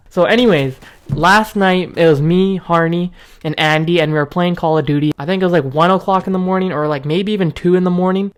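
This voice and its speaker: A young man hosting a gaming video, telling a rambling story with bursts of excitement. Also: on the high side. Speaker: gaming channel host.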